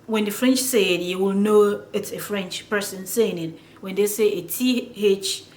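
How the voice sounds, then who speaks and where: A woman teaching pronunciation who talks in a halting way, with many fillers and restarts. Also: mid-range voice, darkish tone, reverberant. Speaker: language teacher. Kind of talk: explaining pronunciation to viewers.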